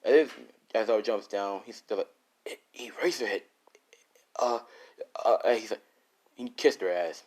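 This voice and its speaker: A man's voice: lowish voice, normal speed, a little mellow. A man casually improvising a fan story, rambling and crude, with many fillers and restarts.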